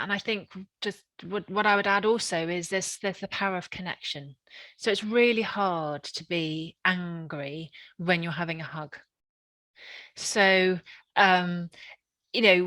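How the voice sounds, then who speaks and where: Bright-voiced woman, gentle. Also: fairly low pitch, dry recording. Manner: gentle, explanatory, laughs easily. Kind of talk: casual conversation.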